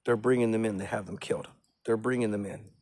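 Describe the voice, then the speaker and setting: A man's voice: lowish voice, steady tone, fast, darkish tone, dry recording. A man in a rambling, agitated, profane monologue who keeps repeating himself.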